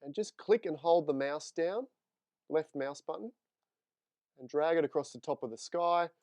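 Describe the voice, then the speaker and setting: A man's voice: on the high side, moderate pace, darkish tone, no echo. A man teaching photo editing in a live screen-share tutorial, chatting with viewers as he works. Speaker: photography instructor.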